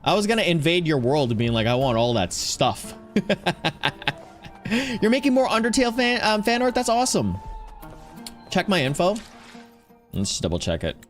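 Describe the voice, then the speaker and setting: Chatty man streaming a game, lively voice. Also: sits high, moderate pace, pauses often, soft background music. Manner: chatty, rambling, greets chatters by name. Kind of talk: casual chat while playing.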